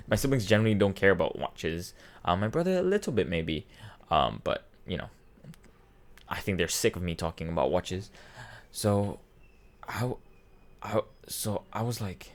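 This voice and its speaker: A man's voice: on the low side, animated, normal speed, long pauses. A man in his twenties, a vlogger, telling a personal story in a rambling, emotional way with many restarts, choked up and near tears. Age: 20s. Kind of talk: casual storytelling.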